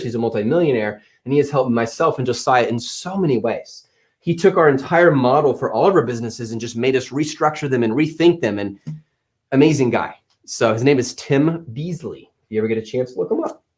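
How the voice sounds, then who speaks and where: Animated man hosting a live Q&A. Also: medium pitch. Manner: energetic, animated, playful teasing. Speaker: livestream host and Amazon seller coach. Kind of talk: live-stream Q&A, answering chat comments. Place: office.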